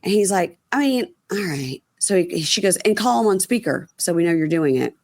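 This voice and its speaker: Low-voiced woman recapping a show. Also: expressive, normal speed, vocal fry, darkish tone, dry recording. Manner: retells scenes with quoted lines, frequent ums, swears. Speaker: podcast host. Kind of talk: casual recap chat.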